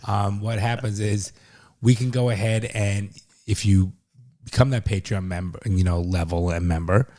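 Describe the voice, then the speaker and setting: A man's voice: fairly low pitch, steady tone, moderate pace, mellow. A man co-hosting a podcast in casual chat, often chiming in with short repeated agreements. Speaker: podcast co-host.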